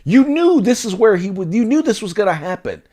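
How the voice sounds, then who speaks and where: A man co-hosting a casual political talk show, indignant and animated, often repeating words as he builds a point. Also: sits high, a little fast. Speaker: co-host.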